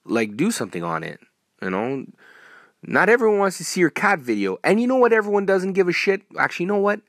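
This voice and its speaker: A man hosting a solo podcast, ranting in a profane, rambling way with sudden loud outbursts. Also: high-pitched, wildly swooping pitch, a little fast, dry recording, clean studio sound. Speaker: podcast host.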